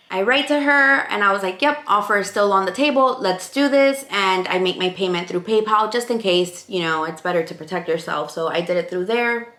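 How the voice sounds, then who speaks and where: A woman telling a story in a casual vlog, animated, acting out the people she quotes. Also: mid-range voice. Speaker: vlogger. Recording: echoey room.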